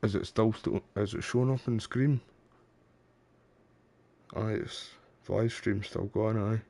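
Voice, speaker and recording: Gravelly deep-voiced Scottish man streaming. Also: fairly even intonation, measured pace, a little mellow. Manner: chatty, frustrated, keeps saying mate and bro. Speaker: game streamer. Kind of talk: live gameplay commentary.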